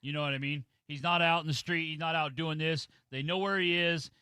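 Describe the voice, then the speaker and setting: A radio co-host man with a sharp, bright voice and a dry studio sound. He fires off wry, teasing comebacks in loose banter. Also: on the high side, fairly even intonation, fairly quick, clear, resonant tone, no echo. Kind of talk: casual comedic radio banter. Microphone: studio microphone.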